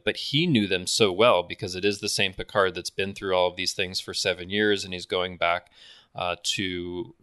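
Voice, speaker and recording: A man's voice: low voice, sharp tone, clear, resonant tone, no echo, studio quality. A man co-hosting a podcast in casual chat, enthusiastic and self-deprecating, often restarting his sentences. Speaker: podcast co-host.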